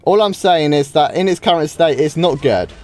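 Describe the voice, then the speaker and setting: A UK gaming streamer with a slightly high, slightly mellow, animated voice talks at normal speed. Casually commenting on his live duels, he reacts often, exclaims wow frequently, and restarts sentences. Faint game music sits in the background.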